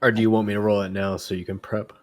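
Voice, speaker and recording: A man's voice: on the low side, flat delivery, rapid-fire. A man running a tabletop role-playing game, narrating scenes and laughing easily with the players. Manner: laughs often, easygoing. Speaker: game master.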